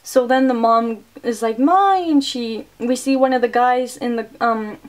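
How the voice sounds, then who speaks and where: A woman's voice: a little high, little pitch movement, unhurried, darkish tone. A woman reviewing a movie, casually recapping the plot with lots of "like" and "um". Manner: chatty, full of "like" and "um".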